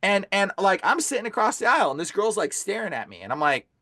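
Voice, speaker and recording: A man guesting on a podcast as an exorcist, telling stories in a casual, animated way and saying "bro" constantly. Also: sits high, fast, no echo, clean studio sound.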